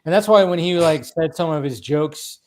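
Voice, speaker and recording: Casting note: man, slightly high voice, animated stream host, rambles and restarts. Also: normal speed. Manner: rambling, animated, many restarts and acted-out quotes. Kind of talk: casual chat.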